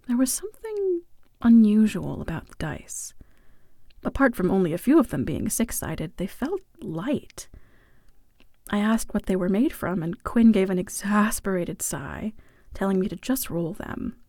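Woman narrator, mid pitch, wry and playful first-person storytelling with whispered asides, dry close mic. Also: dark tone, dry recording.

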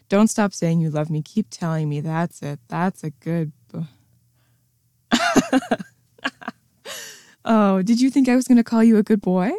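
A woman with a lowish voice speaks in a taunting, domineering way through an adult audio role-play. She gives orders and punctuates them with scornful laughter. The sound is dry and close, with no room echo. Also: gravelly, dark tone. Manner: mocking, commanding, with scornful laughs.

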